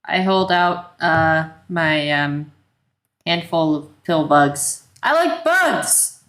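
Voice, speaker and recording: A woman plays a tabletop game in character, speaking slowly with a low, lively voice. She sounds playful and excitable. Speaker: player.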